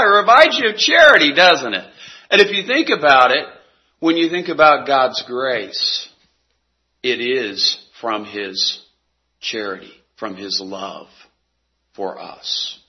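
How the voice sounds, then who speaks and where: A man preaching a sermon in a slow, earnest way, his voice sinking soft on key words. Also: medium pitch, lo-fi sound.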